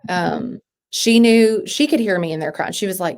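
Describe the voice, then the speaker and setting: A woman in her thirties with a slightly low voice speaks as a podcast guest. Her talk is halting, full of restarts and sentences that trail off. The tone is that of a personal interview. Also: gravelly, darkish tone.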